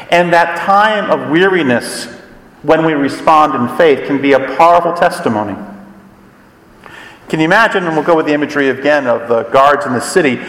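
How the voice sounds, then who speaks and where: A man preaching a sermon as pastor, earnest, dropping low and quiet on statements of faith. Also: recorded from a distance. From Scotland. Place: church sanctuary. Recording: echoey hall, voice from afar.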